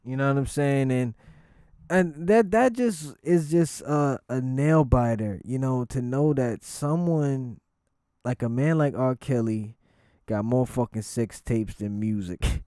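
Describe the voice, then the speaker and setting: A man hosting a casual commentary vlog, talking in an unhurried, drawn-out way and swearing freely. He gets animated and laughs through his stories. His mid-pitched voice sits close to the microphone in a dry, dead room. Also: no echo.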